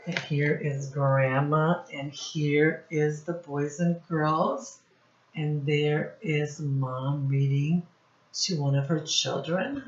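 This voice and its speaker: A woman reads a children's storybook aloud very slowly, in a sing-song, teacherly manner. Her voice sits low for a woman. The sound is roomy and a bit dull, like a lo-fi home recording. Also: steady tone. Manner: slow, sing-song teacherly, asks children questions and praises them. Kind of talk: read-aloud storytime for young kids.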